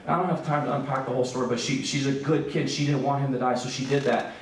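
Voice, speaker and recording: A man speaking at a church breakout session in an earnest storytelling manner, turning quiet and grave for the hard parts. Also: mid-range voice, fairly even intonation, fast, a little hiss or hum. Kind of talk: earnest church seminar talk. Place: church hall. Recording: very echoey hall from far off.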